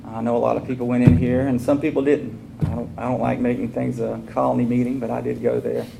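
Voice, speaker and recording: A man's voice: mid-range voice, level tone, fast. A man speaking at a recovery meeting, telling his story in a candid, casual way and acting out the dialogue. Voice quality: gravelly. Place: meeting room. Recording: noisy room recording.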